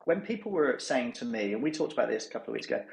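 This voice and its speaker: A man hosting a casual podcast chat, talking in an animated way and acting out what others said. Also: mid-range voice, rapid-fire, gravelly, roomy sound. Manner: animated, mimics others in quotes. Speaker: newsletter host.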